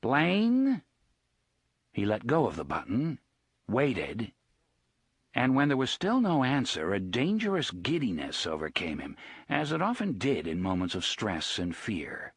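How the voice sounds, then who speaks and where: Husky, expressive male audiobook narrator. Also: lowish voice, measured pace, no echo. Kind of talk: scripted narration.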